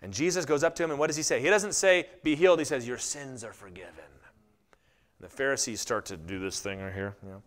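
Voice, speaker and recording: A middle-aged man preaching a sermon, telling stories animatedly and acting out quotes in lively voices. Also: medium pitch, brisk. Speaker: pastor.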